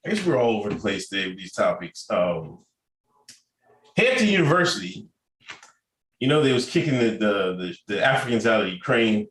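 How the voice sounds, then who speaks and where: Animated man in casual podcast banter. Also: on the low side, a little fast, long pauses. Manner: loose, profane, laughs often. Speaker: podcast co-host. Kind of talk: casual chat. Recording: echoey room with faint noise.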